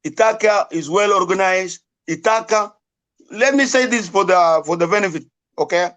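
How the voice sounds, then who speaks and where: South Sudanese male debater, high-pitched, insistent, keeps cutting in with repeated words. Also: normal speed, a bit bright. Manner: insistent, talks over others, repeats words. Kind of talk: heated online debate.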